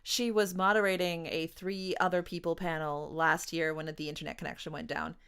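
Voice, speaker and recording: A woman's voice: low-pitched, fairly even intonation, brisk, a bit bright, smooth. A woman with a Canadian accent hosting a livestreamed book launch, chatting casually, laughing and apologizing over technical trouble.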